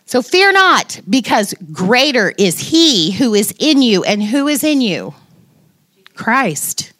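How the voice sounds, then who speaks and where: A woman's voice: medium pitch, dry recording, clean studio sound. A woman giving an informal devotional talk to a women's Bible study, chatty and self-deprecating, with playful asides.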